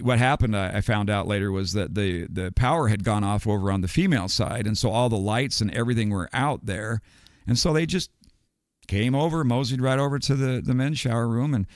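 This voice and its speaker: Older man with a gravelly, low voice. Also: animated, moderate pace, no room sound, clean studio sound. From United States. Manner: rambling, digressive storyteller who chuckles between details. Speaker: podcast guest. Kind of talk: casual storytelling.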